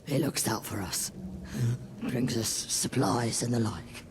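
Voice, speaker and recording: An actor playing a weary male leader of a fish-like river people, speaking in slow, hesitant pleas in video game dialogue. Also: lowish voice, noisy background. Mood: pleading.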